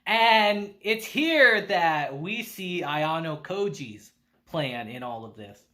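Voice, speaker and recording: Male anime reviewer, casual recap, lively pitch, bright tone, loose and profane. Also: slow pace. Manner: laid-back, swears, chuckles often.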